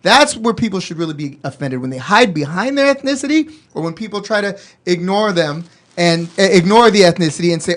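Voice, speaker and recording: High-pitched guy rambling through a story on a podcast, lots of restarts. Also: fast. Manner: rambling, animated, with many restarts. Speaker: podcast co-host telling a story.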